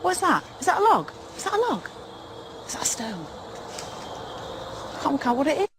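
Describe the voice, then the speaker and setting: A woman's voice: high-pitched, wildly swooping pitch, normal speed, background noise. A woman presenting a paranormal show, alone in the woods at night, calling out to spirits with nervous, whispering fright. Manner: nervous, jumpy, whispering often, with bursts of nervous humour.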